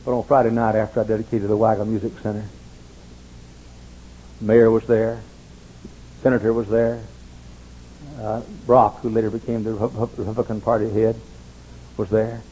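A man's voice: normal speed, long pauses, breathy edge, muffled recording. An older man preaching, telling stories animatedly and acting out quoted voices. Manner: animated storyteller, acts out quotes in high voices. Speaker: pastor. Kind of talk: sermon storytelling.

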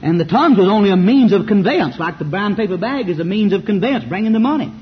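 This Southern-accented preacher has a high, husky voice and talks fast with lively intonation. He delivers a fiery sermon full of rhetorical questions and mocking asides. Faint hiss sits behind the muffled audio.

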